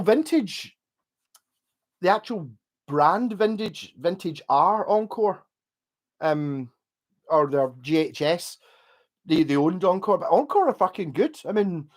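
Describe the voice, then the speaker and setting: A slightly high-voiced man with a Scottish accent chats on a live stream. He has had a few drinks and rambles from one thing to the next, swearing freely in a casual, unpolished way. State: tipsy from drinking.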